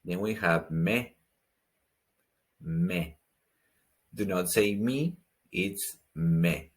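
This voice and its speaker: This male language teacher speaks very slowly in a low-pitched, slightly bright voice with vocal fry, yet he's very animated. His slow pronunciation lesson is patient, with each word said twice and its sounds explained.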